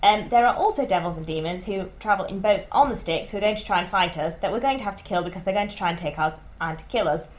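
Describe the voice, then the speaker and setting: A woman's voice: medium pitch, fast, few pauses, echoey room, rough recording. A British woman playing a tabletop game, cautiously laying out plans step by step. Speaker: player. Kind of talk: tabletop role-play chat.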